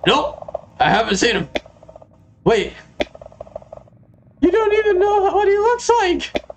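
A man doing a shrill, jumpy camper. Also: huge pitch swings, slow pace, background noise, heavily acted. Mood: panicked. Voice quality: shrill and panicky. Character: jumpy male hiker camping alone in snow.

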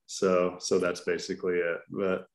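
A man's voice: sits low, little pitch movement, normal speed, crowd noise. A man from Texas hosting a podcast in casual chat, telling stories in a laid-back, joking way with plenty of fillers, in a roomy recording. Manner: laid-back, jokey storyteller with lots of fillers. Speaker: podcast host. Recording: roomy echoey sound.

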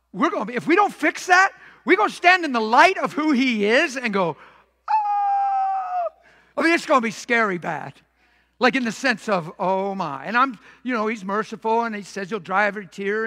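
A man preaching a sermon as a pastor, animated and acting out the voices he quotes, recorded in a church sanctuary. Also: a little high, husky. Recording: echoey church hall reverb.

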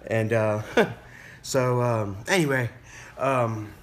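A man in a casual vlog, recounting a story in a relaxed, rambling way. His voice sits in a middle pitch, and he stumbles through restarts and fillers while swearing casually. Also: drawn-out words. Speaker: vlogger.

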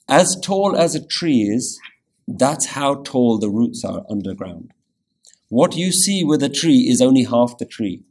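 A man teaching a weekly scripture class, patiently explaining meanings and repeating words slowly to show how they are pronounced, often checking in with "yeah?". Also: medium pitch, warm tone. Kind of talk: scripture lecture.

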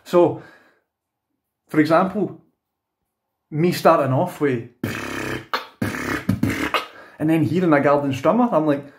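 A man's voice: a little high, a little slow, noisy background. A young Scottish man teaching beatboxing in a casual, rambling video tutorial, often correcting himself mid-sentence. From Scotland. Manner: chatty, rambling, frequent self-corrections and "you know what I mean".

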